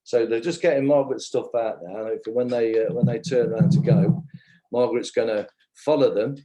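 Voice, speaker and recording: A man's voice: mid-range voice, fast, dark tone, low-quality recording. A man giving indignant, ranting commentary on a livestream, swearing as he goes.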